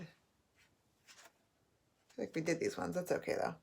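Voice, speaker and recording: A woman teaching a phonics lesson to young students, sounding out letters and words slowly and clearly as she writes on a board. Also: fairly low pitch, steady tone, darkish tone.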